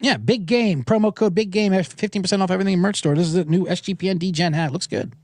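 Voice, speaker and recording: A man's voice: high voice, quick pace, no echo. A man hosting a podcast, rambling through a casual, irreverent and profane monologue into a close studio microphone. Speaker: podcast host. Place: home studio with monitors.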